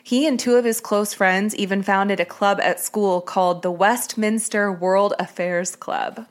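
A woman's voice: mid-range voice, fairly even intonation. A woman hosting a true-crime podcast, chatting casually and storytelling with a few ums. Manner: chatty, reads names quickly with filler ums. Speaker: podcast host.

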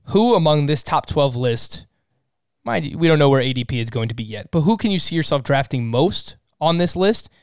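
A man's voice: a little high, animated, moderate pace, clean tone, no echo, clean studio sound. An upbeat, jokey man hosting a fantasy baseball podcast and steering the talk. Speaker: podcast host.

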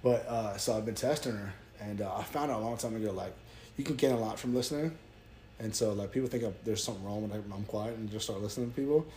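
A man's voice: fairly low pitch, a little hiss or hum. A young man with a Southern US accent, telling stories in a casual podcast chat and acting out the people in them. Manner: fast-talking storyteller, animated quoting. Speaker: podcast guest.

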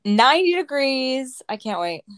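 Young woman co-host, fairly high voice, dry close sound, casual and profane. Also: measured pace, clear, resonant tone, dry recording. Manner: lively, swears casually, laughs easily. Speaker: podcast co-host. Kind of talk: casual chat.

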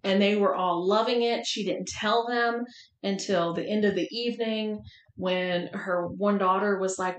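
A woman of middle pitch tells frank stories in a relaxed chat, laughing as she goes. Her voice carries a roomy echo. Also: normal speed. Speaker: podcast host. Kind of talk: casual chat. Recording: roomy echoey room.

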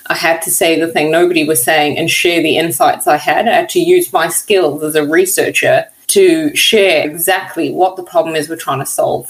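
A woman's voice: sits low, rough recording. A woman researcher as an interview guest, telling her story earnestly and with feeling, with many casual fillers. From not from America. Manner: earnest, heartfelt, many "you know" fillers. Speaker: guest, workplace equality researcher.

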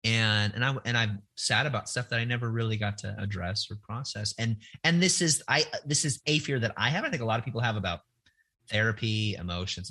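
A man's voice: lowish voice, brisk, sharp tone. A middle-aged man telling candid personal stories in a reflective, earnest way, often restarting his sentences. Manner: reflective, earnest, hesitant with many restarts and fillers. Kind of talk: candid conversational storytelling.

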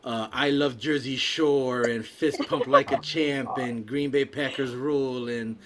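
A man's voice: medium pitch, unhurried, noisy background. A man in casual chat, telling a story with lots of swearing and acted-out quotes. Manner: profane, animated storyteller acting out quotes. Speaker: podcast co-host telling a story.

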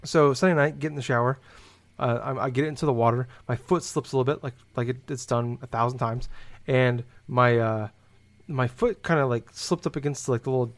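A man's voice: medium pitch, steady tone, brisk. A young man in casual chat, telling a rambling story that is full of "like" and swearing. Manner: rambling, heavy use of "like", swears freely.

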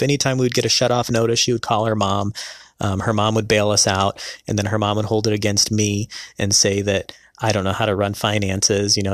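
A man telling a personal story in a hesitant, earnest way, pausing often with filler sounds. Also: lowish voice, flat delivery, a bit bright, dry recording, studio quality. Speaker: person recounting a past marriage.

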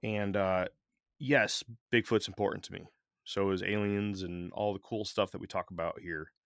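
A man co-hosting a podcast, speaking candidly and earnestly, halting often with "uh" and "um". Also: sits low, fairly even intonation, a bit bright, clean tone, no echo, clean studio sound. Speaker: podcast co-host. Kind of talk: casual podcast chat.

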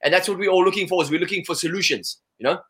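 A man holds forth as an interview guest, rattling along at a rapid clip. His voice is bright and somewhat high, and he peppers every thought with "you know." He sounds like a seasoned salesman talking shop. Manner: animated, full of "you know" fillers. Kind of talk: conversational interview.

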